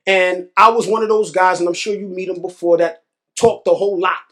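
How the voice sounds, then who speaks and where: High-voiced man from New York telling stories. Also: fairly quick. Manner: animated, repeats phrases, acts out quoted voices. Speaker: real estate investor guest. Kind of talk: casual interview storytelling.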